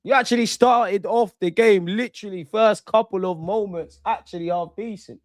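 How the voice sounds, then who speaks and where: A man hosting a live football watchalong, reacting excitedly, swearing and talking to his chat and the players. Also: sits high, normal speed, dry recording, studio quality.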